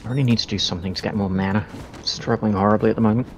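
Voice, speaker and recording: A man's voice: on the low side, steady tone, racing, slight background noise. A man chatting casually while playing a game, cracking dry, self-mocking jokes. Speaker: game player. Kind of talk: casual gaming chat.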